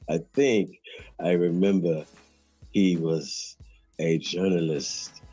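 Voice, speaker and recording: A man's voice: low voice, extremely slow, dark tone, slightly rough, soft background music, exaggerated voice. A man voicing an amused older male government minister, with a put-on Ghanaian accent and chuckling, mock-solemn delivery.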